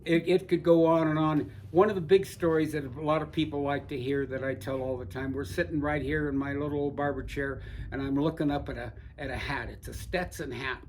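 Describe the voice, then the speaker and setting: Older man, oral history interviewee, slightly high pitch, folksy rambling storyteller. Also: fairly even intonation, fairly quick, a little mellow, slight background noise. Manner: rambling, folksy anecdotes with frequent restarts. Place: seated indoors in a barber chair.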